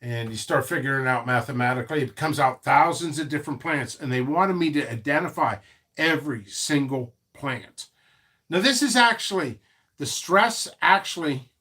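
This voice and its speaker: A man hosting a casual live stream about his seed business, rambling and animated, with frequent restarts and asides. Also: a little high.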